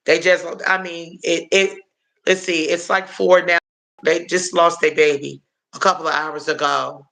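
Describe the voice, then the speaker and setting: Answering incoming comments on his stream, a man speaks in a high, bright voice with a level tone and vocal fry. Slow and rambling, he fills the gaps with um and uh and calls his viewers y'all.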